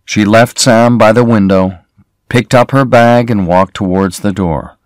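Slow, deliberate male story narrator. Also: on the low side, no room sound, studio quality. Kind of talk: slow graded-reader narration for learners.

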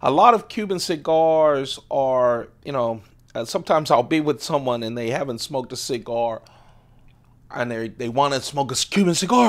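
At a moderate pace and with lively intonation, this medium-pitched EDC host in his late fifties shows his pocket gear on camera. It's a loose, rambling show-and-tell full of laughter and digressions.

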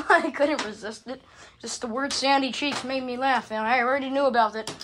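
A woman with a high-pitched voice talks through a casual home vlog, recorded on a phone she holds while filming. She rambles excitably and swears at almost every turn. A faint hiss sits behind her voice. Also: normal speed. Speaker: hobbyist vlogger showing her fans. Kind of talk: casual unscripted vlog commentary. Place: indoors at home. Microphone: phone camera held while filming.

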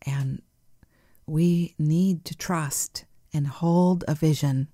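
Low mellow voiced lady doing a gentle podcast chat, soft nurturing vibe, some whispery bits. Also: steady tone, extremely slow, dry recording, studio quality. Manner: soft, nurturing, laughs easily, drifts into whispers. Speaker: podcast host.

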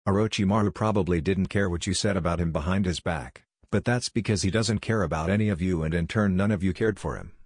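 A man reading the lines of a calm, blunt, blind teenage boy ninja who speaks firmly and commandingly, in a deep, husky voice. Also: fast talker, hardly any pauses, no echo, clean studio sound.

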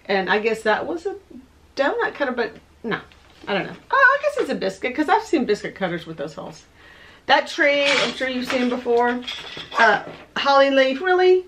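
A woman with a voice going hoarse, rambling as she shows off her thrift finds at home. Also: sits high, a bit bright, slight background noise. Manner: rambling, chatty, thinking aloud. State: losing her voice. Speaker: vlogger showing thrift finds. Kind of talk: casual show-and-tell chat. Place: home room with window open. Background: dogs barking.

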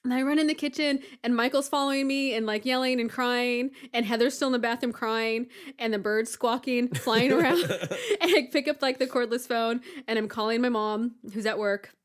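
Animated woman telling a story. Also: a little high, normal speed, clean tone. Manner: animated, acts out panicked voices with laughter. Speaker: podcast co-host. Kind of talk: casual storytelling chat.

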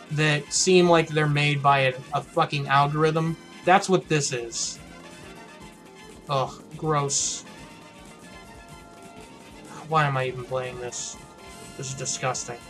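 A man's voice: fairly high pitch, a bit bright. A man hosting a gaming channel, giving casual commentary as he plays, blunt and mocking, with frequent swearing.

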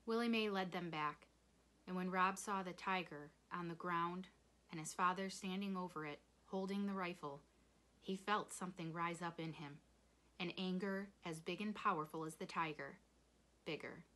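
A woman reading a children's novel aloud in measured storytelling. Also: fairly low pitch, a bit bright. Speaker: reader.

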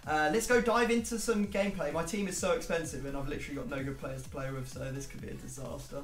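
A young man hosting a video game match with casual, excitable commentary that breaks into shouts and laughter. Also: on the high side, quick pace, reverberant. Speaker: gaming YouTuber host.

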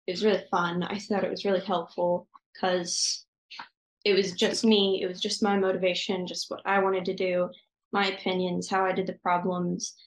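A woman's voice: fairly low pitch, roomy sound, low-quality recording. A teenage girl in seventh grade, answering interview questions with enthusiastic, gushing bursts over a video call. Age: teenage 7th grader. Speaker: student guest.

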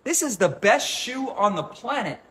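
A man, a holistic health coach, talking casually to a group and telling an animated story, acting out voices and gestures. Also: very high voice, moderate pace, slight background noise.

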